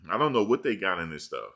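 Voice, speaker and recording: A man talks loosely into his streaming camera, with a very low voice. His tone is bright and forceful as he rambles through slangy stories and answers viewers' questions. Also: sing-song, brisk, vocal fry. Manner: loose, rambling storytelling with slang, reads chat questions aloud. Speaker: live-stream commentator. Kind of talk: casual live-stream chat. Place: at home in front of a camera.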